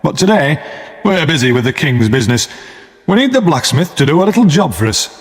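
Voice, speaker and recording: A man playing a brisk commanding army sergeant. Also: on the high side, big pitch swings, pitched above the performer's own voice. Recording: long hall reverb.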